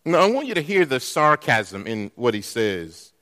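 A man preaching a sermon as a pastor, posing rhetorical questions to the congregation in a deliberate way. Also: mid-range voice, sing-song, bright, forceful tone. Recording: long reverb in a church hall.

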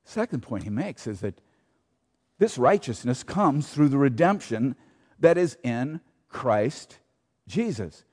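A man preaches as pastor in a church sanctuary, his mid-range, slightly mellow voice slow and sing-song. He is emphatic, repeats key phrases, and asks rhetorical questions, all under long church reverb.

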